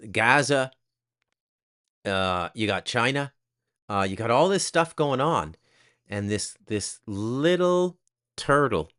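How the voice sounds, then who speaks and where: A man's voice: fairly low pitch, bright, forceful tone. A man hosting a casual commentary monologue, blunt, crude and sarcastic, often tagging "okay?" onto his points. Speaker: host.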